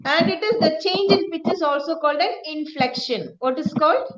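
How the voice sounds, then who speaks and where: A woman's voice: high-pitched, moderate pace, echoey room, muffled recording, very noisy. A woman coaching a group on public speaking, asking them questions and acting out example sentences with changing emphasis. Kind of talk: interactive online teaching session.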